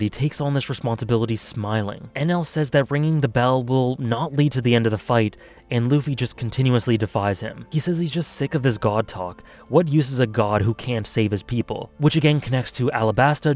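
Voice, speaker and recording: A man's voice: mid-range voice, fairly quick, a little mellow. A man giving an earnest, passionate video review commentary as a reviewer. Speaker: anime reviewer.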